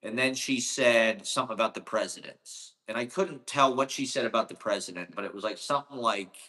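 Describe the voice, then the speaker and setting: A man's voice: lowish voice, a little fast, pushed and bright. A man from Ohio delivering a casual, rambling monologue, profane and sarcastic.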